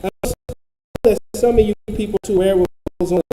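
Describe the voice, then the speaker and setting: A man's voice: high voice, steady tone, quick pace, mellow, reverberant, a little hiss or hum, low-quality recording. A man giving casual commentary, profane, blunt and rambling.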